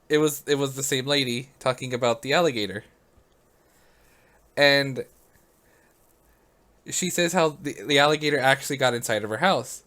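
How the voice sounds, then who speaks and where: A man's voice: mid-range voice, fairly bright tone. A man vlogging casually, rambling through a story with lots of "like" and frequent laughs.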